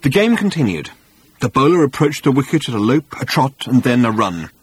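A man narrating an audiobook with wry, animated storytelling, recorded on a close studio mic. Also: medium pitch, brisk, breathy edge, dry recording.

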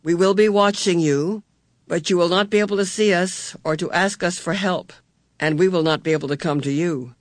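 A man voicing a kindly, motherly supernatural woman who speaks gently and reassuringly to children. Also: sits high, normal speed, no echo, clean studio sound, lightly acted. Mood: gentle reassuring.

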